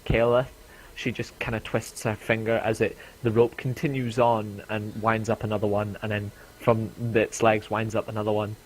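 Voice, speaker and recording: Man, low voice, game master narration, halting with lots of ums, tabletop game. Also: little pitch movement, a little hiss or hum, low-quality recording.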